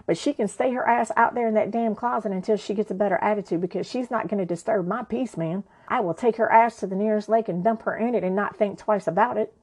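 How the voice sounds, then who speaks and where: A woman's voice: medium pitch, fast talker, few pauses, darkish tone. A woman narrates her own story in a frank, everyday voice. She talks conversationally and swears without holding back.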